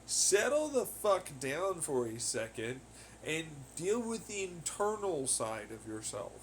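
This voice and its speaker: Young male host, somewhat high voice, loose casual rambling peppered with constant swearing, ranting tone. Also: sing-song, slow pace, a little hiss or hum. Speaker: podcast host. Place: home on laundry day.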